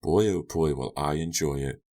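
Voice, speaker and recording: A man voicing a deranged, menacing teenage girl in an audiobook, quiet and taunting. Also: very deep voice, normal speed. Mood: quietly taunting. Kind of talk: audiobook character voice.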